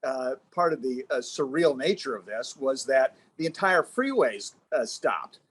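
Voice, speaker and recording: A man who is a former television news reporter, telling a story as a guest in a halting, reflective way. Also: mid-range voice, sing-song, husky. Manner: halting, recollecting, pausing to find words. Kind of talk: casual anecdotal storytelling.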